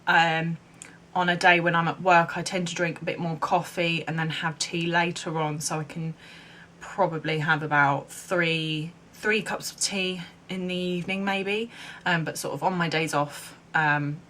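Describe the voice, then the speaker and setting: Young woman, from England, bright voice, rambling casual vlog chat, faint hiss. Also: on the low side, steady tone, measured pace. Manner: chatty, rambling, many ums and likes. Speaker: vlogger.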